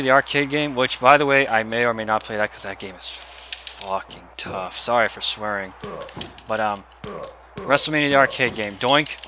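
A young man giving casual gameplay commentary, excitable and swearing as he yells at the game. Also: medium pitch, slight background noise. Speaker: gamer.

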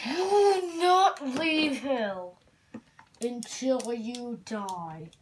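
A woman voicing a furious, hulking rage monster who rules hell and shouts slow, menacing commands. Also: fairly high pitch, lively intonation. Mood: booming, threatening. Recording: noisy home recording.

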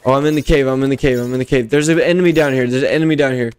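A young man hosting a casual co-op gameplay session, excitable and quick to repeat himself. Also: mid-range voice, a little hiss or hum. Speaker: gaming channel host.

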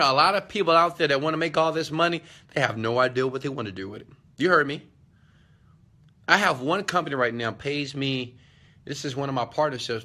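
A man giving a live motivational talk to viewers, preaching with emphasis and checking in again and again. He throws rhetorical questions and slangy asides at his audience. His voice is bright and forceful. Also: medium pitch.

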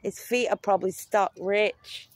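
A man's voice: high-pitched, steady tone, unhurried, no echo. A man outdoors by a fence, worried and pointing things out while filming, heard at a distance on a phone clip. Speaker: bystander filming. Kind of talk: casual outdoor chatter.

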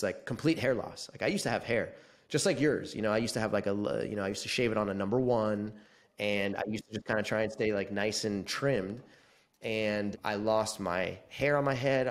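A man in his forties, slightly low in pitch, talks through his story as a podcast guest. He is casual and animated, and he jumps into the quoted lines with some flair. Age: 40s. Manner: animated, acts out quoted dialogue.

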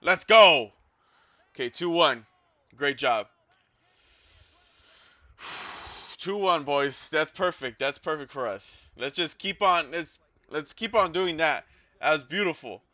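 A man commentating his own football video game as he plays, excitable and swearing, yelling at his players and groaning at their mistakes. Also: fairly high pitch, takes it slowly, pauses often, dry recording, highs cut off. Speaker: gaming YouTuber. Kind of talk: live gameplay commentary.

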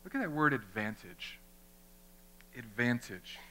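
A young man preaching a sermon as pastor in a church, animated and conversational, acting out the people he quotes. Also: mid-range voice, a little slow. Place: church chapel.

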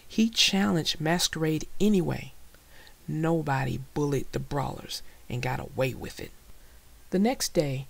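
A woman narrating a children's storybook with a slow, expressive delivery. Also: low voice, vocal fry. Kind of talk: reading a children's book aloud.

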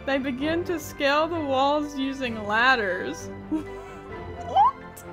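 A woman's voice: sits high, unhurried, music in the background. A woman gaming YouTuber reading a text adventure aloud and reacting with frequent laughter, swearing and exclamations of disbelief.

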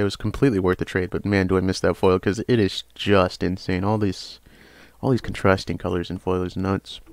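A young man casually reviewing trading cards, rambling with frequent hesitations and sudden bursts of excitement. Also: on the low side, clean tone, no room sound. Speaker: card game channel host.

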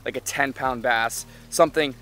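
Excitable young man fishing outdoors. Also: medium pitch, normal speed. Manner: excitable, exclaims often, talks to the camera. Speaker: fishing vlogger. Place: outdoors by a canal. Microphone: action camera.

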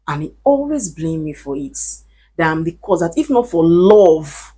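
Husky low-ish woman vlogging, earnest and pleading, leans hard on her points. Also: big pitch swings, unhurried, dark tone. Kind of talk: casual advice talk to camera.

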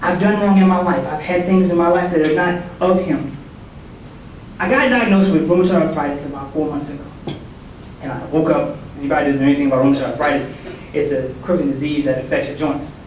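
A man's voice: a little high, fairly quick. A man who is a soldier gives a colloquial, conversational testimony sermon at a prayer breakfast. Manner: colloquial and conversational, with repeated words and asides. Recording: very echoey hall, voice from far off, faint noise.

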